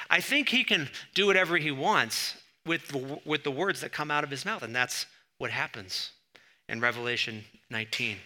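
A man preaching a sermon, conversational with asides, and rising loud when he reads scripture. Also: fairly high pitch, lively intonation, moderate pace. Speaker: pastor.

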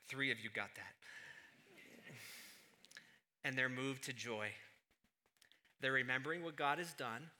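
A man preaching a sermon as pastor, moving between quiet, low asides and loud, emphatic stretches. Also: very animated, measured pace, long pauses.

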